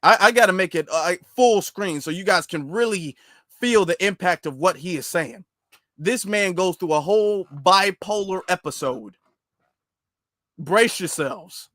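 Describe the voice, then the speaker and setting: High-voiced casual commentary host. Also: male voice, animated, normal speed, a bit bright, dry recording, clean studio sound. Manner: conversational, emphatic, addresses viewers as y'all.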